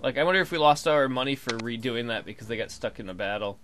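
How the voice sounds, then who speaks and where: A man's voice: mid-range voice, expressive, quick pace, a bit bright. A man casually commenting on his gameplay, swearing, thinking aloud, and reading the game text. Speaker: let's play gamer.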